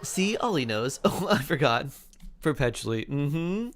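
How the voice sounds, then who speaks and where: His voice runs on the high side, with big swings in pitch and a slightly slow pace. He's a relaxed game streamer who chats casually, reads chat aloud, and hums and scats to himself between remarks, with faint music in the background.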